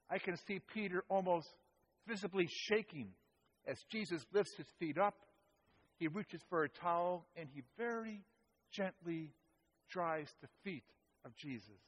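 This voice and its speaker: A pastor preaching a sermon, retelling a scene with dramatic storytelling and swelling loud at the quoted cries. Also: male voice, fairly high pitch, breathy edge, muffled recording.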